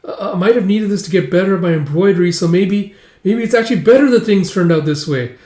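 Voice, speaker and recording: A man voicing a flustered young woman embroiderer who rambles quickly, in a roomy-sounding recording. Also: sits high, dark tone, pitched above the performer's own voice, lightly acted. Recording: roomy echo.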